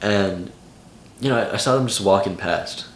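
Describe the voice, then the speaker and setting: A man's voice: on the low side, moderate pace, echoey room, a little hiss or hum. A young man in his late teens giving casual vlog advice in a loose, slangy way full of "like". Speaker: vlogger.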